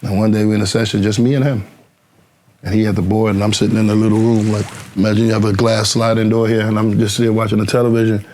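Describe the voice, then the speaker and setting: A man, a guest rapper telling stories in a casual interview, animated and acting out what others said, swearing freely. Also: fairly low pitch, fast talker, slight background noise. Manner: animated, acts out quoted dialogue, swears freely.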